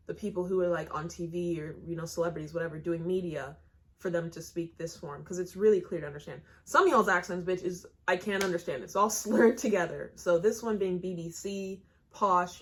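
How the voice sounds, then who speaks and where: An American woman hosting a reaction video, talking in blunt, chatty asides. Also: on the low side. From United States. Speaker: reaction channel host. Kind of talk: casual reaction commentary.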